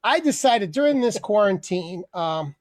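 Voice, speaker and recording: A man's voice: sits high, expressive, a little slow, dry recording. A man hosting an online open mic over a video call, rambling through a comic rant, laughing often and swearing freely. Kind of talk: casual comedic rant.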